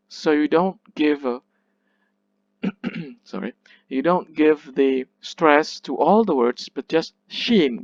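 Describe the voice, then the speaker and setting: A male literature lecturer talks at an unhurried pace, his pitch rising and falling with a lot of movement as he explains the material. He corrects himself often and checks in with his listeners. The recording is dry and a little muffled. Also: no echo. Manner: slow, deliberate, exaggerates stress when reading lines aloud; frequent "yeah?" checks and self-corrections. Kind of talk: recorded lecture on poetic meter.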